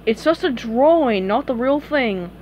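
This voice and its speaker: A woman voices a smug, sly cop from a storybook, talking down in a drawn-out way. A faint hiss of noise runs under it. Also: on the high side, animated, darkish tone. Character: smug sly male police officer.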